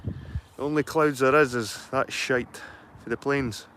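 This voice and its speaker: Out at a garden allotment, a middle-aged man livestreams casual chat to his viewers on a phone mic, rambling, swearing and staying matter-of-fact. His medium-pitched voice is steady in tone, a bit bright and a little slow, with a little hiss or hum in the audio.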